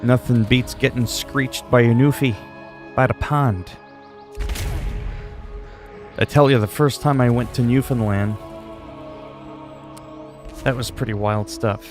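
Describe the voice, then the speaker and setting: A man's voice: mid-range voice, steady tone, slow, pauses often, faint music behind. A man in his forties chatting casually on a game livestream, rambling, with crude joking asides. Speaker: game streamer.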